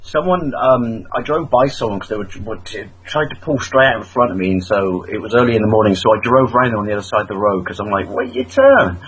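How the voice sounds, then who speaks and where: A man's voice: fairly low pitch, fast, hardly any pauses, a bit bright, husky, poor audio. A man in a casual podcast chat, telling sarcastic anecdotes and acting out the quotes.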